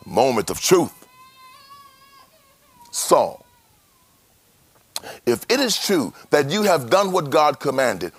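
A man's voice: fairly high pitch, sing-song, takes it slowly, pauses often, breathy edge, no echo. A man preaching a sermon as pastor, dramatic, with rhetorical questions.

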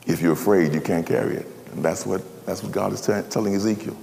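A man preaching a sermon as a pastor, emphatic, swinging between loud high pleas and low quiet asides. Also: quick pace, vocal fry, a little hiss or hum. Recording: long reverb of a hall.

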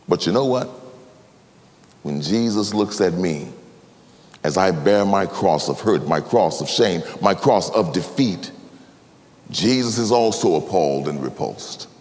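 Dramatic preacher in a reverberant hall. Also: male voice, low-pitched, expressive, measured pace. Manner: dramatic, swinging from loud to hushed. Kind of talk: sermon.

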